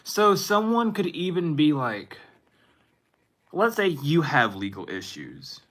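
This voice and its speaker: Bright-voiced young man giving a reading. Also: a little high, very animated, takes it slowly. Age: 20s. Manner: rambling, self-interrupting, laughs at himself. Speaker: tarot reader. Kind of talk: casual spiritual reading to viewers.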